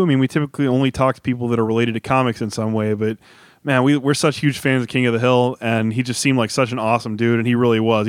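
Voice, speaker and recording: A man's voice: medium pitch, dry recording. Man, podcast host, friendly casual recap, dry sound. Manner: friendly, easygoing, laughs often.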